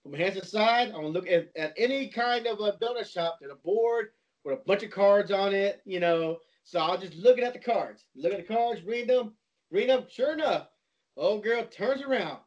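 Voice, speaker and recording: A man's voice: high voice, animated, moderate pace. A man telling a long story in casual chat, rambling, with frequent restarts and repeated words. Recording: dull lo-fi recording.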